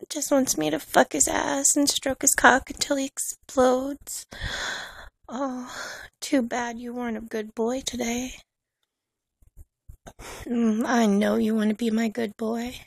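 Slow, gravelly, teasing dominant woman. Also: high voice, no room sound. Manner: teasing, commanding, with soft laughs. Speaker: audio role-play performer. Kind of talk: dominant adult audio role-play.

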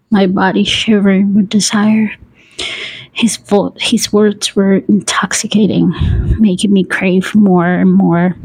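A woman reading a story aloud in a breathy whispered role-play, laughing softly now and then. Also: fairly low pitch, no echo, low-quality recording. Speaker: story reader.

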